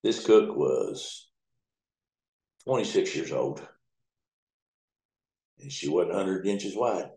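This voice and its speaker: A middle-aged towboat captain telling rambling, folksy, profane stories in an oral history interview. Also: male voice, sits low, animated, takes it slowly, pauses often, warm tone. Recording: roomy echo.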